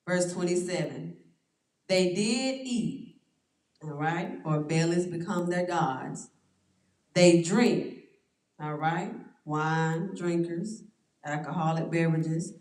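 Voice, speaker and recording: A woman teaches a church Bible study in a slow, unhurried voice that sits a little low. She stretches out the scripture she reads and leans on key words, checking in with "all right" as she goes. She is heard from a distance in a roomy, echoing church room. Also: darkish tone. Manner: slow, drawn-out scripture reading with stressed words. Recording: roomy echo, distant mic.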